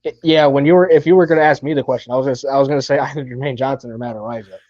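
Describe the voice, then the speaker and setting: A fast-talking man joins a livestream as a guest and gives quick, blunt opinions. His remote line sounds dull and dry, with a muffled edge and no room around it. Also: medium pitch, fairly even intonation, darkish tone, dry recording. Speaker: guest co-host. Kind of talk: casual livestream chat.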